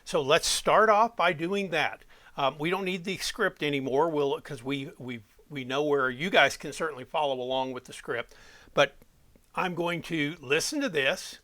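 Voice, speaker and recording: A man giving a step-by-step software walkthrough as an audio production instructor, talking while he clicks. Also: a little high, moderate pace.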